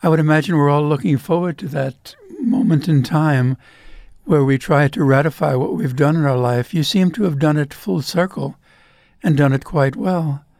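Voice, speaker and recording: A man interviewing a guest, asking questions and reflecting in a measured way. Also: a little high, fairly even intonation, darkish tone, dry recording, studio quality.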